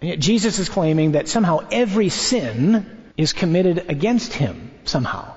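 Wry, animated priest in an echoing hall. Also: male voice, fairly high pitch, normal speed. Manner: animated, wry, asks rhetorical questions. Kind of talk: conversational teaching sermon. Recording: dull recording in a reverberant hall.

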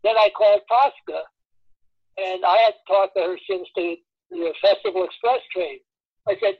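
Animated male storyteller, lo-fi sound. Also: high voice, moderate pace, breathy edge, no echo. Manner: animated storyteller acting out quoted voices. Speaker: former record promotion man telling stories. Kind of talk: casual anecdote-telling. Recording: dull lo-fi dry recording.

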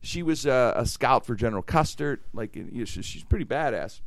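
A man's voice: medium pitch, expressive, a little fast, no echo. A man chatting casually as a podcast host, rambling with many restarts and fillers. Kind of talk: casual chat.

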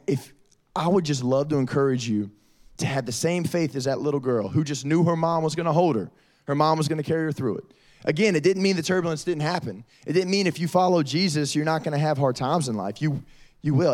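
Lively youth pastor, man. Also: on the high side. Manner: lively storytelling, addresses audience as y'all. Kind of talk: youth sermon.

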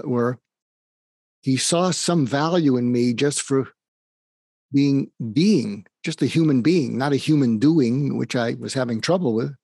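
A man's voice: mid-range voice, creaky, a little mellow, breathy edge, dry recording, clean studio sound. Earnest man telling a personal story. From suburb of Boston, USA. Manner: earnest, reflective, acts out quoted dialogue. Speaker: psychiatrist guest.

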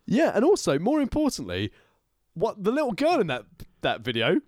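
Man trading dry jokes, animated pitch. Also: moderate pace, no room sound. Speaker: podcast co-host. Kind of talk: casual chat.

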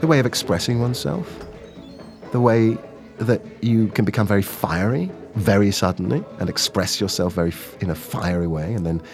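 A man, an actor, answering interview questions with animated stories, acting out quoted lines as he goes. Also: lowish voice, moderate pace, soft background music.

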